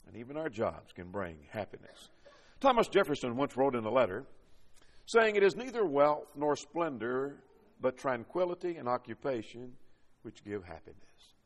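A man's voice: medium pitch, very animated, normal speed, in a large hall. A man preaching a sermon, reading scripture and building points with rising and falling emphasis.

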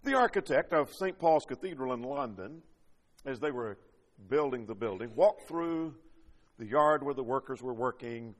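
A man's voice: medium pitch, expressive, moderate pace, big-room sound. A man preaching a sermon, reading scripture and building points with rising and falling emphasis.

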